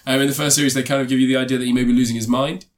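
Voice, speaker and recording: A man's voice: mid-range voice, flat delivery, racing. A man casually reviewing a TV series in a podcast chat, rambling with many ums and restarts.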